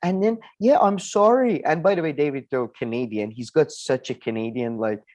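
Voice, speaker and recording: A man's voice: medium pitch, normal speed, a little mellow. A man co-hosting a casual political debate chat, heated and rambling, swearing and filling gaps with many "uh"s. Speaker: podcast co-host.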